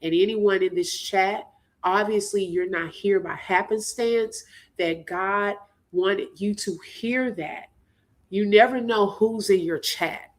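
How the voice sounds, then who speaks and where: A woman's voice: medium pitch, takes it slowly. A woman hosting a livestream, speaking with a preaching cadence, laughing through tears. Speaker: livestream host. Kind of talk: emotional faith-filled livestream talk.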